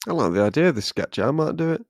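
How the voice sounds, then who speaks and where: A man's voice: fairly high pitch, sing-song, fast talker, no room sound, clean studio sound. A man co-hosting a podcast in casual, jokey chat, rambling with plenty of fillers. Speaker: podcast co-host.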